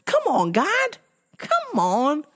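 A woman's voice: high-pitched, wildly swooping pitch, slow, a bit bright. A middle-aged woman hosting a podcast in loose, profane chat, swearing freely and often breaking into song. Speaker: podcast host. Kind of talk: casual profane chat with bursts of singing.

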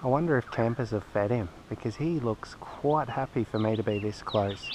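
An Australian man talks to his phone camera on a riverbank, his voice soft and soothing at a middling pitch. He lilts upward now and then as if coaxing an animal. A faint wash of outdoor noise sits under the recording. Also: normal speed. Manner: gentle, soothing tones, lilting up when talking to the bird. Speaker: fishing vlogger. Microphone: phone camera mic.

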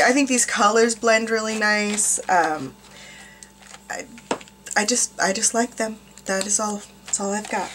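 A woman's voice: medium pitch, fairly bright tone, a little hiss or hum. A middle-aged woman from the United States, teaching art journaling in a chatty, rambling way with self-mocking asides. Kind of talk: casual craft tutorial narration.

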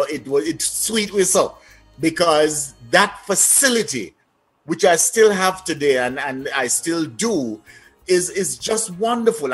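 A man from Jamaica with a Jamaican accent, a guest telling lively stories in a casual interview. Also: a little high, breathy edge. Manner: lively, anecdotal, trailing-off phrases.

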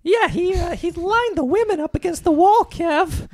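A man doing a high, strained comic impression of a talk-show host as a murdering clown. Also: expressive, normal speed, a little mellow, no room sound. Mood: manic.

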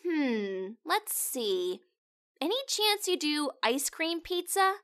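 A woman playing a caller in a comedy prank-call skit, bubbly and quick to get indignant. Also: high voice, sing-song, fairly bright tone. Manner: bubbly, then huffy and indignant.

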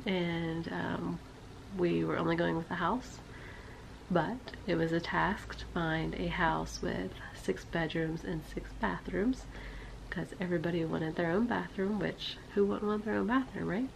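A young woman and mother narrating a casual family vlog, quiet and low as she recounts, loud and high when she talks to her babies. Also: fairly even intonation, unhurried, creaky, slight background noise.

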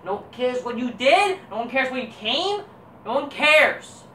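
A woman's voice: fairly high pitch, big pitch swings, normal speed, slight background noise. A foul-mouthed woman ranting from across a room. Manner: crude, swearing, dismissive and combative. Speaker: wrestling review vlogger. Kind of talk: profane ranting review. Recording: roomy echo, voice distant from mic.

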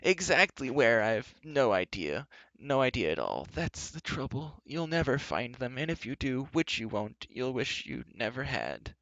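A man voicing a whiny, cowardly male wizard who pleads and wails softly, on a dull lo-fi recording. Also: mid-range voice, big pitch swings, unhurried, few pauses, no room sound, pitched above the performer's own voice. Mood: pleading. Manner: wailing, pleading, soft.

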